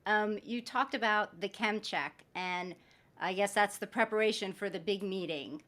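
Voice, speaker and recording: A woman's voice: mid-range voice, a bit bright. A woman hosting a podcast interview, chatty and upbeat, introducing her guest with light jokes. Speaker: podcast host.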